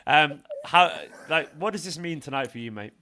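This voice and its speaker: A man hosting a live fan show, excitable and effusive, swearing freely in casual chat with callers. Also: a little high, moderate pace.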